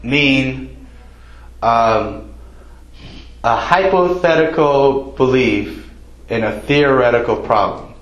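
A man delivers a sermon in a loose, conversational manner, pausing often with ums and uhs. His voice sits at an ordinary middle pitch. The room around him rings with echo. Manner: casual, conversational preaching with many fillers. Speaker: preacher. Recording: echoey room.

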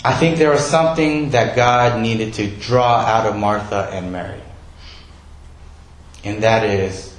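A man's voice: fairly low pitch, a little slow, roomy sound, a little hiss or hum, poor audio. A male pastor giving a sermon in a conversational way, asking his listeners questions.

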